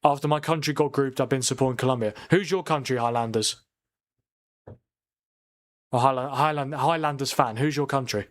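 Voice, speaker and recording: Speaking at a normal speed in a mid-range voice, this man leaves long pauses. He's a streamer running a live football watchalong, chatty as he reads and replies to viewer comments, and he gets excitable when something happens in the match.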